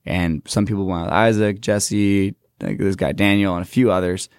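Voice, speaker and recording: A young man who works in children's ministry, casually recapping a trip on a talk show in a relaxed, filler-heavy way. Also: low-pitched, normal speed, clear, resonant tone, dry recording, clean studio sound.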